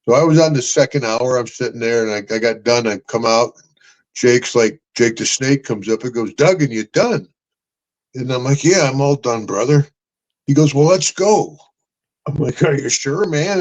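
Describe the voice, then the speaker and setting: An older American man with an American accent, telling lively road stories as an interview guest, chuckling and calling people brother. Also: medium pitch, rough recording. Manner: animated storyteller, chuckling, calls people brother. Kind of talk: storytelling interview.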